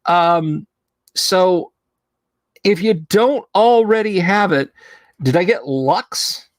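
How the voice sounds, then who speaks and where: A man's voice: high voice, lively intonation, takes it slowly, dry recording, studio quality. A man hosting a casual livestream, chatty, reading viewer names aloud and laughing easily. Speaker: livestream host.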